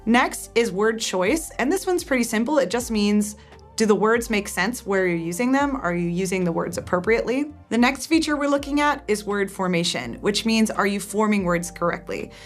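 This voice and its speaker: Female video teacher, clear friendly explainer, mid-pitched voice, light music bed. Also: animated, moderate pace. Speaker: test prep teacher.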